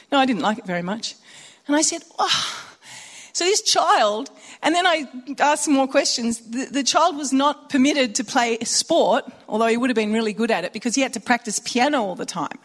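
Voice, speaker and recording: Animated woman giving a chatty sermon. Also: sits high. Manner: chatty, animated storytelling with quoted dialogue. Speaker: speaker at a Christian women's or mothers' gathering. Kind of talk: informal sermon with personal anecdotes.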